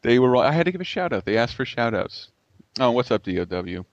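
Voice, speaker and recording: A man's voice: mid-range voice, sing-song, quick pace, no room sound. Male podcast host, mid-range voice, jokey and loose, dry muffled studio sound. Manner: joking, loose, runs the segments. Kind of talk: casual podcast chat. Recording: dull, dry podcast recording.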